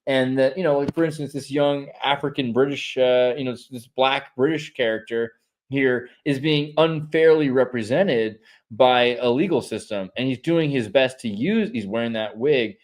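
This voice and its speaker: A man hosting a show, chatting casually in a rambling, opinionated way, swinging from quiet asides to loud outbursts. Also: medium pitch, normal speed. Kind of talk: casual chat.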